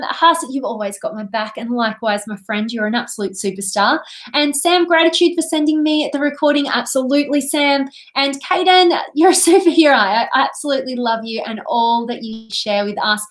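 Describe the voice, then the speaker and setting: High-voiced woman coach, bubbly and effusive, reading out viewer comments live. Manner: gushing, effusive, thanks viewers by name. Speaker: life coach hosting a live training.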